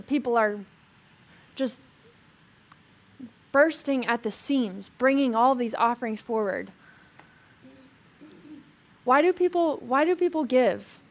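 A woman teaching a Bible passage to a live group in a casual sermon style. She is chatty and animated, with lots of "like" fillers and humorous asides. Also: high voice.

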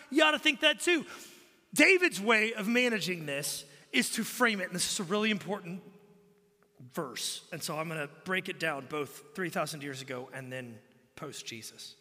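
A male pastor preaching a sermon, swinging between loud exclamations and hushed murmurs. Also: sits high. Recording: long hall reverb.

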